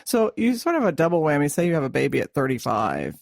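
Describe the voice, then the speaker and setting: Gravelly-voiced woman explaining hormones. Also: sits low, wildly swooping pitch, darkish tone, dry recording, clean studio sound. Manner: explanatory, measured, with fillers. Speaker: podcast co-host, hormone expert. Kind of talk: casual chat.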